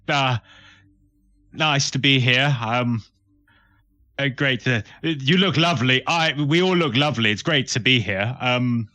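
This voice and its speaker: A man's voice: medium pitch, bright, forceful tone. A man voicing a bashful male woodsman hero who stammers nervously through a speech to a crowd.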